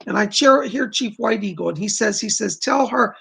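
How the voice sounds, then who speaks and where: A man doing live psychic readings on a stream, reading viewer questions aloud and gently relaying reassuring messages. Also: high-pitched, normal speed, gravelly, slightly rough. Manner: gentle, reassuring, calls people darling.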